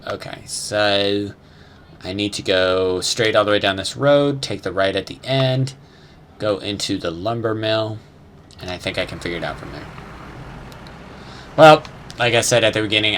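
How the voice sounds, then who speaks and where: A man's voice: low voice, fairly bright tone, a little hiss or hum. A young man chatting casually over his gameplay, rambling and unsure, swearing now and then and humming little sound effects. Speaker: gamer.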